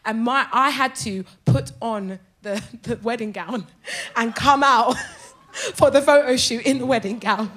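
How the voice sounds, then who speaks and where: A woman comedian telling a story as a podcast guest, lively and theatrical, laughing often and swearing freely. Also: fairly high pitch, a little slow.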